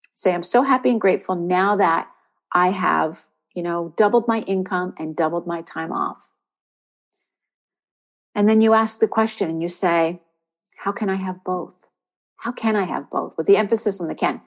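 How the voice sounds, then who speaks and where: Woman, spiritual coach, podcast host, inspirational talk, encouraging, repeats key questions, mid pitch. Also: a little mellow.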